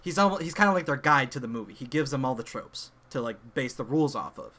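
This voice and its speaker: A young man on a podcast, excitedly retelling a movie plot in casual chat, full of fillers and restarts. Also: medium pitch, fast. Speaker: podcast co-host.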